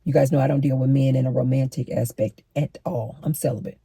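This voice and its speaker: A woman's voice: extremely low pitch, steady tone, a little fast, creaky, mellow, breathy edge, no echo. Emphatic middle-aged woman giving advice. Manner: emphatic, preachy, direct address to women. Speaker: relationship advice vlogger. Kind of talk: advice monologue to camera.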